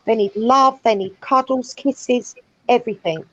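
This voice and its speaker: Woman host, fairly high voice, rambling casual chat, dry muffled recording. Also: measured pace, dry recording. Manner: chatty, rambling, fond of birds.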